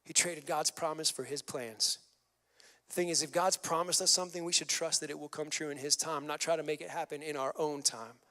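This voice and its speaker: A man's voice: fairly high pitch, steady tone, fairly quick, bright, forceful tone. A male pastor preaching a sermon with energy, mixing scripture with casual slang asides. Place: church sanctuary. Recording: long hall reverb.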